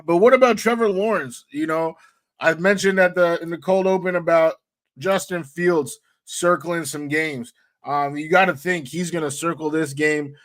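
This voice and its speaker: A man co-hosting a sports talk show, his voice a bit high. He talks in a relaxed, easy way, stopping to think now and then. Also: no room sound. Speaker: podcast co-host.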